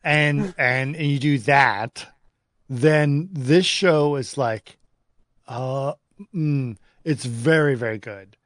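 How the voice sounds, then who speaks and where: A man co-hosting a casual film discussion, talking in halting, rambling sentences full of restarts. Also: mid-range voice, a bit bright, no room sound, studio quality. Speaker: podcast co-host.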